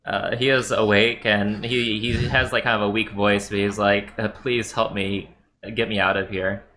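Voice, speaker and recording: A man serving as game master, narrating a tabletop game in a relaxed, chuckling way with many fillers. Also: mid-range voice, a little hiss or hum.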